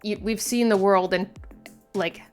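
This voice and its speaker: A woman's voice: medium pitch, steady tone, measured pace, soft background music. A woman hosting a manga reaction video in casual commentary, talking emphatically and exasperatedly, with lots of "like" fillers and some swearing.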